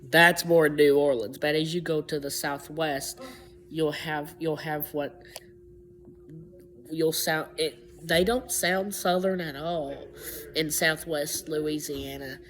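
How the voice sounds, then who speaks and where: A woman's voice: deep voice, steady tone, slow pace, a little hiss or hum. A woman talking unscripted in a video, rambling through her points with frequent restarts and self-corrections. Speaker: vlogger explaining accents. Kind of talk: unscripted explainer talk.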